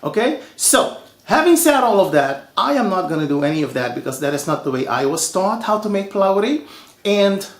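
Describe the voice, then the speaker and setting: A man from Suriname hosting a home cooking show, telling stories in a lively, chatty way. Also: high voice, fairly quick, echoey room. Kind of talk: casual cooking show talk.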